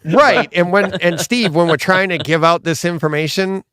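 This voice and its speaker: A man's voice: high-pitched, moderate pace, fairly bright tone, clear, resonant tone, dry recording, studio quality. A man co-hosting a live-streamed podcast, chatting casually in a rambling, self-deprecating way and laughing often. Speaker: podcast co-host.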